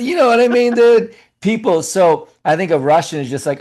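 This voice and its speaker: A middle-aged man, an actor and acting coach, talking in a casual interview, animated and fast, with many fillers and restarts. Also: high-pitched.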